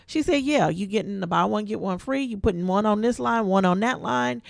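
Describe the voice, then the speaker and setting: A woman co-hosting a podcast, spinning a story in loose, everyday talk. Her voice sits in a middle pitch with a gravelly fry, and she slips into the voices of everyone she quotes. The sound is close and dry, with no room echo. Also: fairly quick. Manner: animated storyteller who acts out quoted voices; informal, colloquial speech. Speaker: podcast co-host. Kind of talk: casual storytelling chat.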